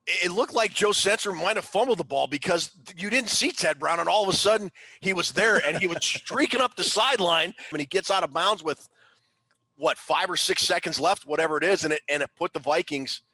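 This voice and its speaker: A man co-hosts a casual sports podcast, walking through old game plays in detail. His voice is bright and forceful, set a bit high, on a dry, close recording. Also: no room sound, poor audio. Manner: recounts plays in detail, with many restarts. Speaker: podcast co-host.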